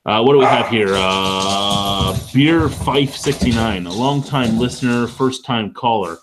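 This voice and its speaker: A man's voice: mid-range voice, a little slow, few pauses, a bit bright, low-quality recording. A man hosting a beer review show, telling rambling, profane stories in casual chat while a little tipsy.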